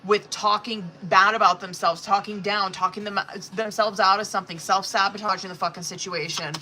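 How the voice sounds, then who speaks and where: A woman reading tarot cards on a live stream, blunt and expressive, swearing freely as she talks the viewer through each card. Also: mid-range voice, brisk. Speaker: tarot reader.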